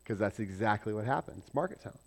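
A man preaching a sermon, asking his congregation questions and swinging between loud emphasis and soft asides. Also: on the low side, lively intonation, fast, creaky. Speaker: pastor.

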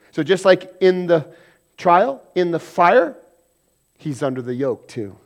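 A pastor preaches conversationally, swinging between loud emphasis and quiet asides and acting out everyday quarrels in quick mock voices. His voice sits on the high side.

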